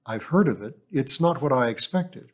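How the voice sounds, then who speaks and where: A man voicing a guarded young man who answers quietly and plainly, with short, matter-of-fact replies. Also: medium pitch, animated, moderate pace, muffled recording, lightly acted.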